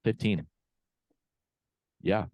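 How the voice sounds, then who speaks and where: A man's voice: drawn-out words, a little mellow, no room sound. A man co-hosting a podcast, casually recapping a movie with lots of fillers and quoted lines. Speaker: podcast co-host. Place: home room, remote call.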